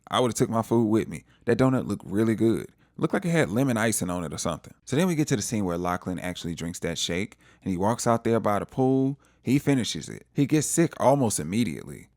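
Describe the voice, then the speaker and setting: Low, lively-voiced man recapping a show. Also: no echo, studio quality. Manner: animated storytelling, acts out quotes. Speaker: TV recap vlogger. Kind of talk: casual episode recap.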